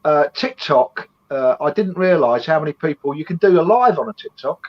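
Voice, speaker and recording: A man's voice: on the high side, animated, moderate pace. A man, chatting in a laid-back way as co-host of a live stream over remote call audio. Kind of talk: casual chat on a live stream. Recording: muffled lo-fi audio.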